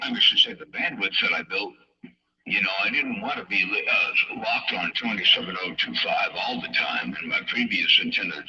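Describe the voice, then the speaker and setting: Man, CB radio operator, rambling slang-heavy talk, lively pitch, muffled distant radio sound. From California. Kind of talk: casual radio chat. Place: home radio station.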